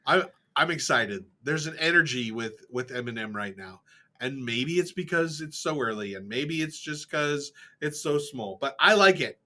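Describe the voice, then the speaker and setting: A man co-hosting a casual gaming podcast, eager and excitable, often repeating his words. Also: mid-range voice, normal speed. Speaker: podcast co-host.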